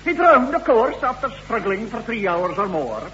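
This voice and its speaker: An actor playing a canny Scottish laird with a lilting brogue and mock solemnity, in a comic radio play. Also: male voice, high voice, very animated, moderate pace, fairly bright tone, a little hiss or hum. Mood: sly. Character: wily canny old Scottish laird, feigning innocence. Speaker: castle owner selling his home. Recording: dull lo-fi old radio recording.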